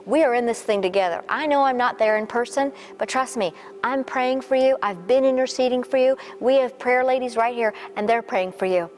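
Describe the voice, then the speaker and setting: A woman's voice: fairly high pitch, brisk, hardly any pauses. Fervent woman pastor preaching and praying. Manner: fervent preaching with rising, emphatic repetitions; soft, coaxing asides addressing listeners directly. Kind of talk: sermon and prayer to a women's online gathering. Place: recorded remotely, not in person with the audience.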